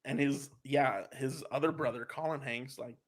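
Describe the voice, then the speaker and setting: A young adult man co-hosting a podcast in animated casual chat, laughing often and slipping into joking voices. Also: medium pitch, moderate pace. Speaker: podcast co-host.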